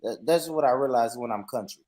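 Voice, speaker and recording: A man from Tennessee with a Southern accent, excitable and goading in casual chat. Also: mid-range voice, brisk.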